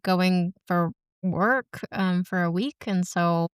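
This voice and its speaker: Woman, thirties, smooth clear voice, dry close mic, animated chat. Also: on the low side, takes it slowly, no echo. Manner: candid, animated, chatty. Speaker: podcast co-host. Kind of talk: casual chat.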